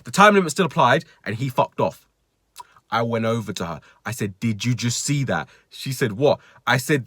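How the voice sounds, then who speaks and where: A man's voice: a little high, pushed and bright, no room sound, clean studio sound. A young man telling a retail story in an exasperated, sweary rant, quoting customers in mocking voices. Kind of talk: ranting storytime vlog.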